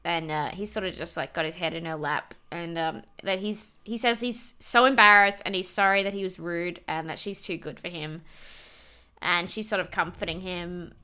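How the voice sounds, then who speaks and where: A woman's voice: lowish voice, fairly even intonation, moderate pace, sharp tone, clear, resonant tone. A woman co-hosting a podcast, recapping a reality show in casual chat, laughing often and swearing freely. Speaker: podcast co-host.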